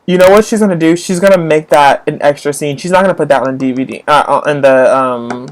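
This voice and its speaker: A woman with a low voice talks casually to her viewers as a book vlogger. She rambles and gushes, and her voice jumps up into high squeals when something excites her. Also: brisk. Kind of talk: casual live-chat book talk.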